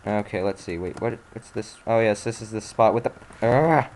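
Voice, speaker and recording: An irritated young man talks over his gameplay in a fairly low voice. He grumbles, sighs, and swears at the game, sounding fed up throughout. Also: steady tone, fairly quick, darkish tone, slight background noise. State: angry, frustrated. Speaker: let's play commentator. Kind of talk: casual gameplay commentary.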